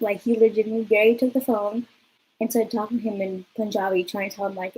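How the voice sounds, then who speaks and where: A woman's voice: mid-range voice, quick pace, slight background noise, rough recording. Chatty young woman telling a story. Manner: chatty, peppered with "like", lively retelling. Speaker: vlogger. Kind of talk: casual storytime vlog.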